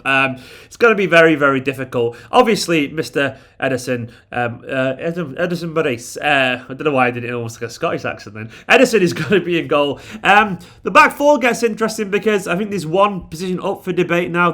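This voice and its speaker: A man talking straight to camera about his football club, chatty and opinionated, with a slightly higher-than-usual speaking voice. He throws in dry, self-mocking asides as he runs through team news and predictions. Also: fairly bright tone. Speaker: football fan channel host. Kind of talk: match preview commentary.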